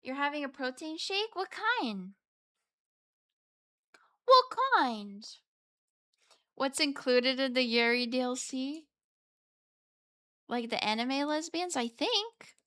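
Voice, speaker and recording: A woman's voice: sits high, a little slow, a bit bright, smooth, no room sound, studio quality. A woman chatting casually on a live stream, reading and answering her chat in a playful, meowing way. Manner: playful, chatty, meows between chat replies.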